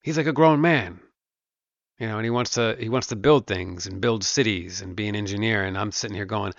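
A man in his thirties hosting a podcast, doing a casual solo rant that is animated and profane, now and then slipping into playful put-on voices. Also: fairly low pitch, a little fast, gravelly, no echo, lo-fi sound. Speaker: podcast host.

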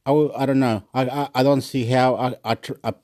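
A man's voice: mid-range voice, fairly even intonation, fairly quick, a little mellow, no room sound. Aussie guy rambling on his own podcast off a phone app, keeps restarting, dry close sound. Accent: Australian. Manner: rambling, restarts often, mixes in Spanish greetings. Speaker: podcast host. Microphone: phone recording app.

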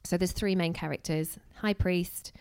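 A woman's voice: fairly low pitch, measured pace, smooth. Chatty woman preaching. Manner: chatty and animated, acting out quotes with asides. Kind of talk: casual sermon.

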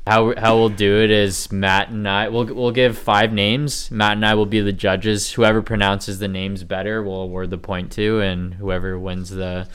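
A man's voice: on the low side, level tone, moderate pace, few pauses, fairly bright tone, clear, resonant tone. A young man hosting a casual podcast and judging a name-pronouncing game, teasing the players as he runs it. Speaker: podcast host and quiz judge.

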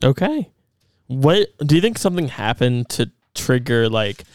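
Brief: young male podcast host, smooth and chatty, dry close sound. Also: mid-range voice, unhurried, no room sound. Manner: chatty, animated, laughs often. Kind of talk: casual chat.

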